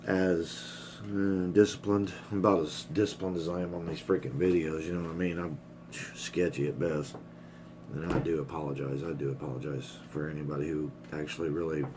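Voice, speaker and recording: With background noise all around, a middle-aged man speaks at an extremely low pitch. He's a vlogger rambling frankly in a casual personal vlog, swearing freely, emotional and choked up.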